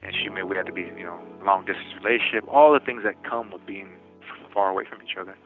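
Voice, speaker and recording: A man telling his own story over a prison phone call, talking in quick bursts with many restarts and laughing now and then. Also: low-pitched, fairly even intonation, faint music behind. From United States. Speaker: incarcerated interviewee. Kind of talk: phone interview, personal storytelling. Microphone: telephone. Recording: tinny prison phone line.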